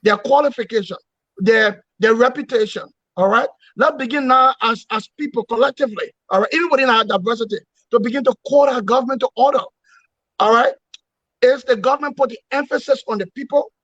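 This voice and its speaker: A man with a high-pitched voice makes his case in an interview. He speaks like an orator, repeating phrases and firing rhetorical questions. The sound is dry and dull, with no room echo. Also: a little fast, fairly bright tone. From Liberia. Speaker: opposition movement leader, guest. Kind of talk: political interview.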